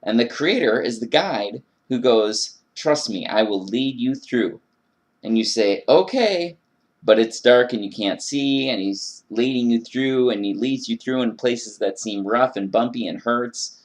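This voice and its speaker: This man's mid-range voice runs a little slow. In his video blog, he performs an earnest, emphatic religious monologue about faith and frustration, acting out his prayers.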